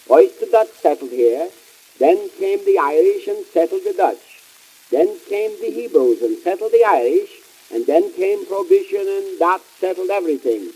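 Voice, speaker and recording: A man plays a wisecracking comic businessman as if straight off a 1920s vaudeville record, fully in character, in a high, husky voice. Each line comes out as a dry punchline in quick, deadpan patter, on a rough recording.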